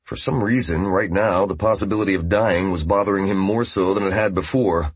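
Man narrating an audiobook, very husky, lowish, dry close sound. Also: fairly quick, no echo.

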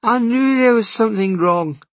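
A man voicing a friendly young waitress who chats quickly and sympathetically. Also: sits high, no echo, voice pushed up. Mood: sympathetic. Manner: quick and chatty.

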